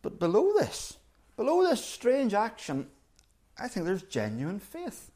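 A male preacher with a high voice that climbs and falls in wide, lively sweeps. He speaks earnestly and often drops to a hush or rises sharply as he acts out quoted lines. A light colours his words. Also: a little slow. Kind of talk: sermon.

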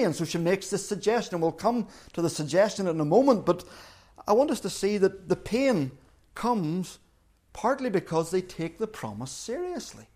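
A man preaching a sermon in an earnest way, acting out quoted lines with loud and soft swings. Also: fairly high pitch, expressive, moderate pace. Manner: earnest, acts out quoted voices with shifting volume.

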